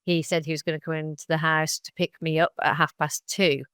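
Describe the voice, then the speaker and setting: A woman's voice: sits low, a little fast, smooth, no echo, studio quality. A woman, a guest on a podcast recounting her story and acting out other people's lines as she goes. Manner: animated retelling that acts out other people's lines. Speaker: interview guest.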